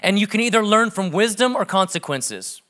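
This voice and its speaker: A man in his thirties, a pastor preaching a sermon and telling stories lively, acting out family conversations. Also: high voice, moderate pace.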